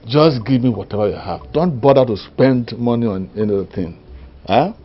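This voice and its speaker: A man's voice: medium pitch, animated, brisk, natural voice. An actor playing a pleased, fatherly uncle with a Nigerian accent in a Nollywood film. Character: pleased middle-aged uncle, jovial. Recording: muffled film audio.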